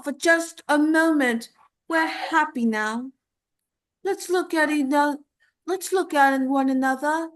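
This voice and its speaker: A woman performing a dramatic monologue as the ghost of a young woman, tender and pleading, with halting delivery. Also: high-pitched, fairly bright tone, exaggerated voice.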